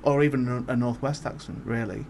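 Northern English man, quick rambling podcast talk, faint background noise. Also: mid-range voice, vocal fry, a little mellow. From Northwest England. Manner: rambling, self-interrupting, laughs often. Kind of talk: casual chat.

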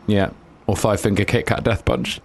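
A man's voice: on the low side, fairly even intonation, moderate pace, vocal fry, slight background noise. A man co-hosting a casual comedy chat, dry and teasing. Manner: dry, teasing banter with mock voices. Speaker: podcast co-host.

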